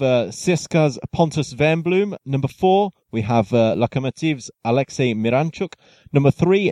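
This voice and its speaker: A man's voice: medium pitch, warm tone, dry recording, poor audio. A man hosting a casual football podcast, chatty and friendly, with fillers and restarts. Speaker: podcast host.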